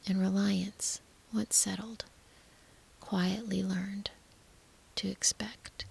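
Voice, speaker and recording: Whispering, gravelly sleep-story narrator woman. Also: mid-range voice. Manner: slow, hushed, soothing whisper.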